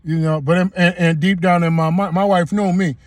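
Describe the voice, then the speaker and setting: A vlogger tells a personal story directly to the camera, casual and emphatic, repeating himself and using everyday slang as he gets emotional. His voice sits high with fairly even intonation, moving fairly quickly, with no echo.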